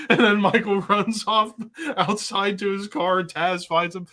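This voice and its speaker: A man's voice: sits high, measured pace, hardly any pauses. A man hosting a casual chat, telling stories animatedly and acting out the quotes. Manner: animated storyteller, acts out quotes. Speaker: host.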